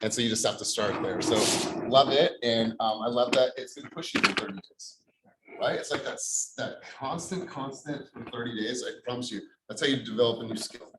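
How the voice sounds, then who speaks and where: A man's voice: mid-range voice, brisk, echoey room, background noise. A man leading a real estate workshop, upbeat and blunt, who swears casually as he pushes his audience. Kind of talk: motivational workshop talk.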